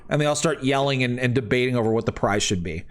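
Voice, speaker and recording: A man's voice: mid-range voice, fast talker. A man narrating a tabletop game as game master, loose and rambling with many fillers.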